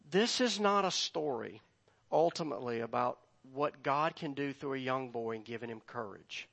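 A man preaching a sermon, slow and emphatic, rising loud when he reads scripture. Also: fairly high pitch. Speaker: pastor.

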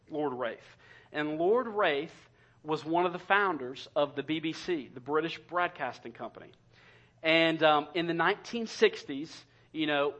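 A man's voice: a little high, fairly bright tone. A man preaching an impassioned sermon as a pastor, repeating his points for emphasis. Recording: dull lo-fi sermon recording.

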